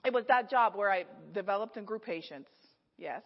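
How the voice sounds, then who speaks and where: A middle-aged woman preaching a storytelling sermon, animated, laughing often and acting out the people in her story. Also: mid-range voice, normal speed, pauses often. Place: church hall. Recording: echoey hall, slightly dull sound.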